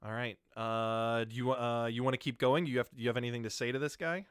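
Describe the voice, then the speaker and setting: A man's voice: medium pitch, fairly even intonation, quick pace, fairly bright tone, clear, resonant tone, no room sound, studio quality. A man narrating a tabletop game as game master. He laughs often and stumbles through many fillers.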